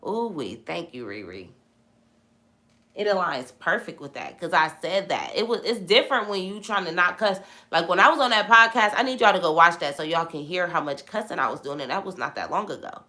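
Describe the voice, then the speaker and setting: A young woman with a bright, forceful tone and a slightly low pitch talks through scripture in a relaxed live-stream chat. She preaches in an animated way, circling back to the same lines for emphasis. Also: fairly quick. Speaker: host of a live Bible chat. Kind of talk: casual live-stream Bible talk, reading viewer comments.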